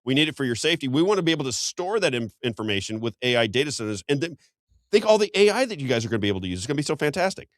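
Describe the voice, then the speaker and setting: A man voicing a smooth-talking governor pitching surveillance to the public in a salesy, reassuring way. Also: very animated, very fast, no echo, studio quality, lightly acted.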